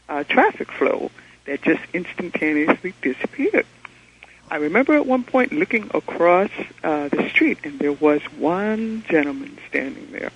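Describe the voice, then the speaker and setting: A man calling in to a radio talk show, telling his story in an earnest, excitable way over the phone. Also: fairly high pitch, slightly rough. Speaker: caller. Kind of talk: call-in storytelling. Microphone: telephone. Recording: muffled phone line.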